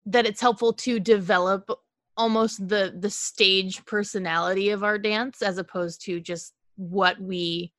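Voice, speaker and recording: Woman podcast host, mid-pitched voice, dry close sound, relaxed interviewer. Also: no room sound. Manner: relaxed, uses "like" often. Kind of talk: casual interview. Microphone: video call.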